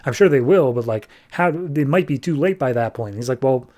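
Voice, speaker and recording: A man hosting a podcast, casually recapping comic book issues in a loose, chatty way, full of "like" and quickly paraphrased dialogue. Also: mid-range voice, lively intonation, a little mellow. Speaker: podcast host.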